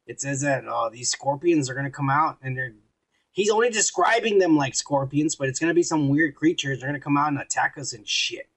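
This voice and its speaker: A man's voice: a little high, brisk, a bit bright. A man co-hosting a casual drinking podcast, profane and rowdy, reading out viewer comments.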